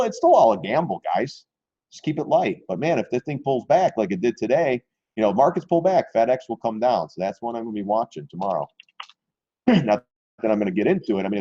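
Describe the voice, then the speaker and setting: A man hosting a stock trading live stream, talking through charts in a candid, rambling way, often clearing his throat and swearing casually. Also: medium pitch, dark tone, dry recording, dull audio.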